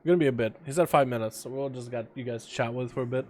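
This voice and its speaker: A young man livestreaming a video game in a casual chat, reading and answering his chat, with sudden loud excited outbursts. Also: mid-range voice, racing, soft background music. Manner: chatty, reads and answers chat, bursts into loud excited outcries.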